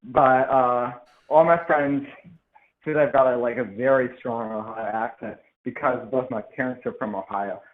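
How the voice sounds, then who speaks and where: A man's voice: medium pitch, fairly even intonation, normal speed. A young man from Seattle calling in to a radio show, chatting earnestly in a slightly formal way. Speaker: caller. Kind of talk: casual chat. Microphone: phone. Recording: tinny phone line.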